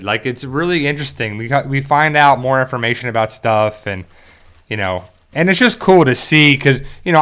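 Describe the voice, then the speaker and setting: A man's voice: mid-range voice, a bit bright, clear, resonant tone. A man from South Jersey in the US hosts a casual fan discussion, rambling with many fillers and restarts and talking straight to his viewers. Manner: addresses viewers directly. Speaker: YouTube show host.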